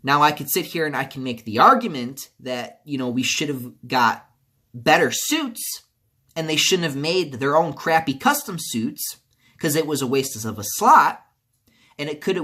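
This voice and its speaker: A man's voice: on the high side, big pitch swings, moderate pace, pushed and bright, slightly rough. A man ranting about a video game as a video creator, angry and profane, repeating himself as he vents. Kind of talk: video game commentary rant.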